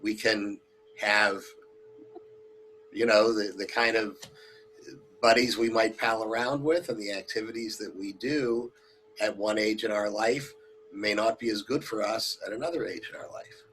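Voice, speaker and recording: Rambling rabbi hosting a community talk. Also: male voice, on the low side, fairly even intonation, a little slow, fairly bright tone, slight background noise. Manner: loose and rambling, with many fillers and announcements. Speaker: rabbi and host.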